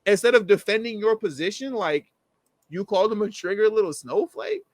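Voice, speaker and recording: A man co-hosting a casual commentary chat, animated and slangy, acting out the people he quotes. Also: sits high, brisk, no echo. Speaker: co-host.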